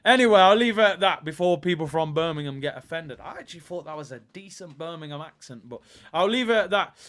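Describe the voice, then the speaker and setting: A man hosts a football watch-along, talking in heavy slang and bursting into shouts. His voice is high and bright, with a forceful, cutting edge. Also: lively intonation, fast. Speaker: streamer host.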